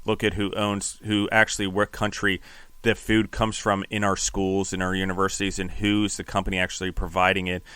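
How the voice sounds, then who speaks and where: A man's voice: deep voice, completely flat delivery, a little fast, bright, forceful tone, smooth, no echo. A man hosting a casual interview podcast, rambling through his questions and filling them with "like". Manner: rambling, fills with "like". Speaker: podcast host.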